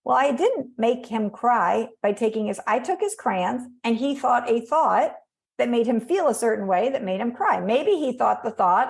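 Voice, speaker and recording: A woman guest on a podcast, chatting in an animated way, acting out little voices and using many fillers. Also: on the high side, normal speed, gravelly. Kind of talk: conversational podcast interview.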